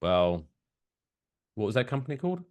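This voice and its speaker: Male podcast co-host, low voice, animated, sarcastic and crude. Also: normal speed. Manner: sarcastic, swearing, does silly voices. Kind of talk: casual podcast banter.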